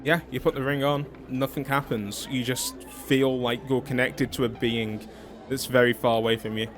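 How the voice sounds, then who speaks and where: A man narrating as game master in a tabletop game, relaxed and full of fillers. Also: medium pitch, moderate pace. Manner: relaxed, thinking aloud with many fillers. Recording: background music under the talk.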